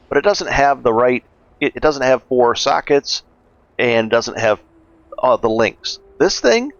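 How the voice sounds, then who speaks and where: A man casually narrating a gameplay walkthrough as a gaming guide host, relaxed and chatty, thinking aloud with fillers. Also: medium pitch, no echo, lo-fi sound.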